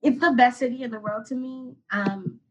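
A woman's voice: a little high, fairly even intonation, normal speed, muffled recording. A 21-year-old woman from Atlanta, a podcast guest telling a personal story casually and emotionally, rambling with lots of "like". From Atlanta, USA. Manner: rambling, heavy use of "like", emotional.

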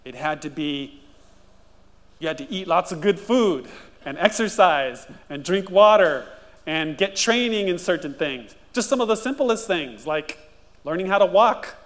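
A male pastor giving an encouraging sermon, then leading a prayer. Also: unhurried. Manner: warm encouraging preaching, rising to animated high-pitched mimicry. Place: church sanctuary. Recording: long church reverb with soft guitar. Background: soft guitar music.

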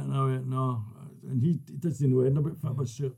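Husky older Scottish storyteller. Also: male voice, medium pitch, fast. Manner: lively storyteller, laughs through his punchlines. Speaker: guest. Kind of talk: casual anecdotes.

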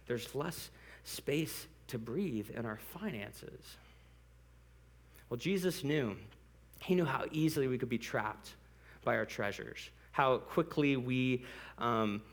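A man's voice: medium pitch, slow, creaky. A man preaching a sermon in a church, conversational and playful, with asides to the congregation. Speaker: pastor.

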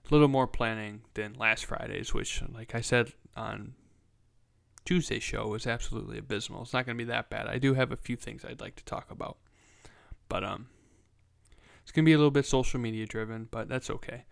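Young male podcast host, self-mocking and profane, smooth voice at a mid pitch. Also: brisk. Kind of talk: casual solo podcast chat.

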